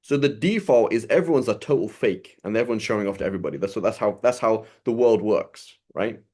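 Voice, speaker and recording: A man's voice: on the low side, lively intonation, fast, a little mellow. A man teaching an informal sermon, conversational and loose, often checking in with "right?". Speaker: religious teacher.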